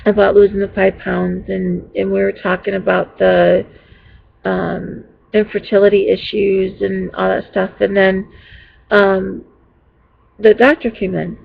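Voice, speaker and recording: Gravelly-voiced woman rambling through a story. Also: mid-range voice, flat delivery, unhurried, slight background noise. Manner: rambling, with many fillers and restarts; exasperated retelling. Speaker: vlogger. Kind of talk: casual storytelling to viewers. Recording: dull lo-fi home recording.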